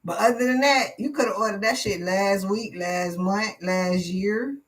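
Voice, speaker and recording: A woman's voice: mid-range voice, unhurried, rough recording. Blunt, profane woman tarot reader. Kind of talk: live tarot reading.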